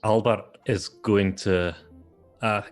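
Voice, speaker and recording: A man playing a tabletop game on a stream, talking haltingly with amused restarts. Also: lowish voice, steady tone, faint music behind. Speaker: player. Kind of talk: casual chat at a game table.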